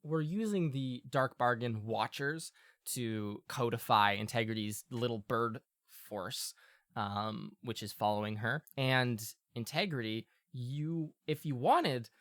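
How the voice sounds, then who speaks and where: A woman's voice: a bass voice, takes it slowly, no echo, clean studio sound. A woman running a tabletop game, narrating with playful, rambling asides. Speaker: game master.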